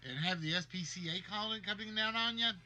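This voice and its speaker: Man, game show host, high voice, very bright tone, jokey, music behind. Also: fast talker. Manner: jokey, reads guesses aloud. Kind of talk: livestream game show hosting.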